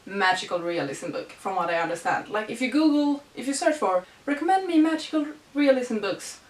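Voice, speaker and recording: Young woman vlogger, gushing and excitable, slightly high voice, recorded from a distance in a reverberant room. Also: fairly quick. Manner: gushing, excitable, squeals and laughs. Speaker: book vlogger. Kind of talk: casual book haul chat. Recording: echoey room, mic at a distance.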